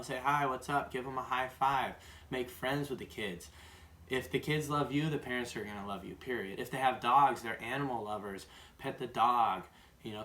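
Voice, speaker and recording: A man's voice: mid-range voice, bright, forceful tone, a little hiss or hum. A man giving a casual sales training talk who keeps checking in with "right?". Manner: conversational, tags sentences with "right?". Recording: roomy echo, distant mic, faint ambience.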